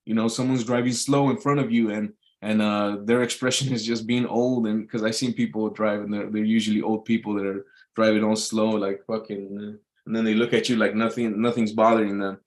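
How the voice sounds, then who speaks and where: This medium-pitched man is livestreaming on YouTube, rambling casually to his audience with no script. Profanity comes easily, and his talk loops around with frequent fillers and restarts, captured through a live stream microphone.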